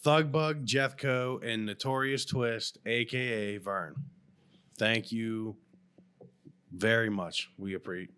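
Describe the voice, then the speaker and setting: A man's voice: fairly low pitch, fairly even intonation, slow pace, pushed and bright, clean tone. A young man co-hosting a gaming podcast, chatting casually with a wry, teasing manner. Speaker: podcast co-host.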